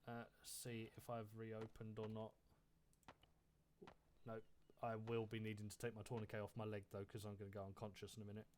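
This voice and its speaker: A man leading his squad over voice chat in a military simulation game, brisk and swearing when frustrated. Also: on the low side, completely flat delivery, fairly bright tone, slight background noise. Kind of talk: tactical radio chatter while playing.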